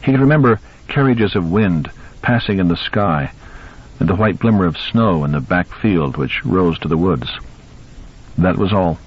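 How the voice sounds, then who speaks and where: A man narrating an audiobook in an expressive, measured reading. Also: low-pitched, slightly rough, muffled recording. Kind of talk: scripted narration.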